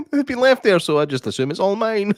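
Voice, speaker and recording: A man's voice: high voice, very animated, fairly quick, no room sound. A man co-hosting a podcast in casual chat, teasing his friend and laughing a lot. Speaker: podcast co-host.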